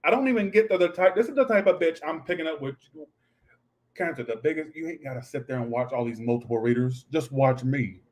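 A man's voice: on the high side, lively intonation, fairly quick, a little mellow. A man doing a casual livestream tarot reading, talking in a snappy, profane, ranting way. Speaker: tarot reader.

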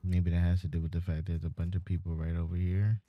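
Brief: low-voiced man muttering dry asides over gameplay, muffled sound. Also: fast talker. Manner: wry, deadpan asides. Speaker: gaming streamer. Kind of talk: casual gameplay commentary.

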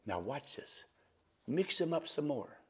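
An older man, a magician, telling stories and walking through a card trick, lively and repeating words. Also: medium pitch, unhurried, slightly rough. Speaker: magician, interview guest. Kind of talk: storytelling and card demonstration.

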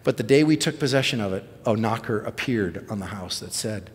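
A middle-aged male pastor telling a story in a sermon, animated and self-deprecating. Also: on the low side, brisk, in a large hall. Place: church sanctuary.

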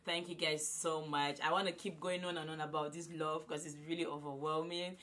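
A woman in her twenties vlogging loudly and effusively to a phone camera, repeating herself often. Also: low-pitched, flat delivery, a little fast. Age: 20s. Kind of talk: casual vlog to camera.

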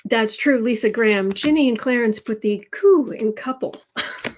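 A woman giving a casual livestreamed tarot reading, drawing her words out and dropping into soft, near-whispered asides. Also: a little high, moderate pace, slight background noise. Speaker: tarot reader.

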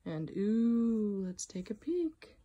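A woman hosting a casual jewelry unboxing vlog, chatty and excitable as she unpacks at a table. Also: mid-range voice, slow, lo-fi sound, background noise. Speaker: jewelry reseller and channel host. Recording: clear crinkling and rustling of packing. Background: clear crinkling and rustling of packing.

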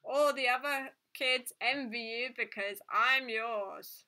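A tinny, metallic doll voice, put on by a woman reading aloud, pushing out its stock lines with no warmth. It sounds flat and mechanical, and its tone is bright and forceful. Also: fairly high pitch, slow. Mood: flat, insistent. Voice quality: metallic, phone-like. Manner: stiff, repetitive stock phrases. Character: metallic talking female doll, repetitive and empty.

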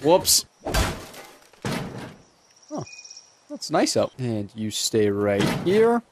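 Excitable man yelling over gameplay. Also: medium pitch, very slow, background noise. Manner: excitable, yelps and rants at game objects; mock-sarcastic self-talk. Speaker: gaming video host. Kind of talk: gameplay commentary. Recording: loud game sounds and mouse clicks behind.

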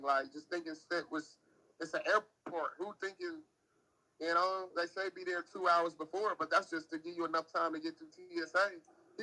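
A man from the United States chats on a phone livestream from a spot near an airport. His voice sits a bit high and very bright, with a sharp, cutting edge. He rambles and swears, sounding exasperated the whole way through. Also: rough recording. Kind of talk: casual livestream chat.

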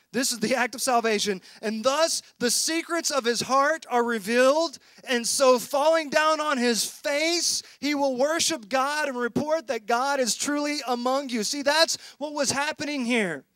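High-voiced pastor, bright and impassioned. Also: male voice, moderate pace, few pauses, no room sound, clean studio sound. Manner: impassioned, swings from loud emphasis to hushed intensity. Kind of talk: sermon. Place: church.

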